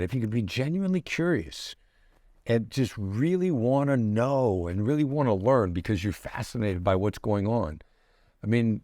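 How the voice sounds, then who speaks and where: A middle-aged man, a negotiation expert guest in an interview, explaining his ideas in a measured way with pauses and restarts. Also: lowish voice, a little mellow, no echo, clean studio sound. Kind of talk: conversational interview answers.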